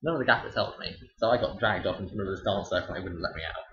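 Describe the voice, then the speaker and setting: A young man tells teaching stories in a wry, chatty way. His voice sits low. The recording is dull and roomy, with echo from bare walls. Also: racing, sharp tone. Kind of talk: casual storytelling vlog.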